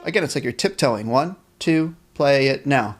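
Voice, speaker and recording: A man's voice: mid-range voice, expressive, fairly quick, faint music behind. A man teaching a live online band class, cheerfully reading chat questions aloud and encouraging students. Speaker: music teacher.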